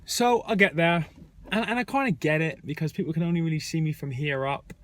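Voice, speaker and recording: A young adult vlogger in an airport terminal rants frankly and conversationally, telling his viewers a story. His voice is a little high and brisk, with a faint hiss or hum in the background.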